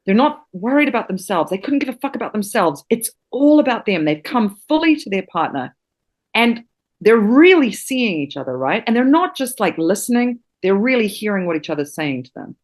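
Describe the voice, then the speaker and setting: A woman from New Zealand, an acting teacher, telling stories in a casual interview, animated and swearing freely. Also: medium pitch, moderate pace.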